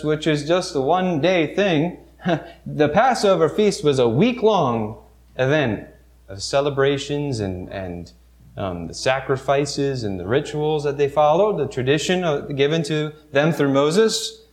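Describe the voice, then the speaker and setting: A man preaching a sermon, retelling a Bible story vividly with halting restarts and soft asides. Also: fairly high pitch, animated.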